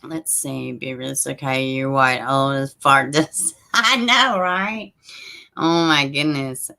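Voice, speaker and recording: A woman hosting a casual livestream, chatting straight to her viewers and reading their comments aloud, with soft asides under her breath. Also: very deep voice, slow pace, creaky. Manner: frequent soft asides while fiddling with links. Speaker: livestream host.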